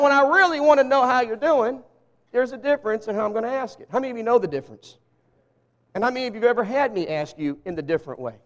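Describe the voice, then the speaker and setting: A man's voice: extremely high pitch, big-room sound. A man from the Southern US with a Southern accent, preaching a humorous, folksy sermon and talking straight to his congregation. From Southern US (Arkansas). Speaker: pastor. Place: church sanctuary with a live congregation.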